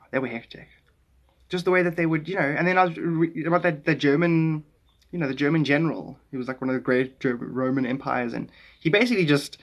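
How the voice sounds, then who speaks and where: A South African man chatting casually on a live stream, rambling and animated as he jumps between ideas. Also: mid-range voice, highs cut off.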